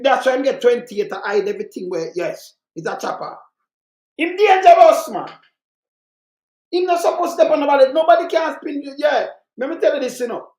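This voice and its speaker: A commentator with a Jamaican accent, ranting fiercely and repeating points in patois. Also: mid-range voice. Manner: fiery, repetitive, rants in Jamaican patois. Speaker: political commentator. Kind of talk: heated commentary monologue. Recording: roomy echo.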